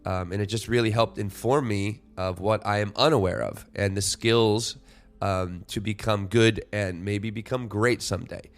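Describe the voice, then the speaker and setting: This solo podcast host, a man in his forties, speaks at a normal speed in a lowish, steady voice. He rambles reflectively, restarting often and leaning on "you know" as a filler.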